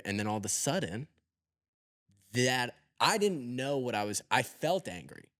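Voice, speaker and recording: A man hosting a podcast, talking in a thoughtful, halting way with many restarts. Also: medium pitch, very animated, fairly bright tone, dry recording. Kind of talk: conversational podcast interview.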